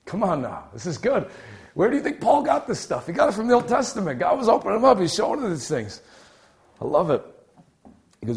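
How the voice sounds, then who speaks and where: A young adult man preaching a sermon, swinging between loud exclaiming and quiet, near-whispered passages. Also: a little high, very animated, moderate pace.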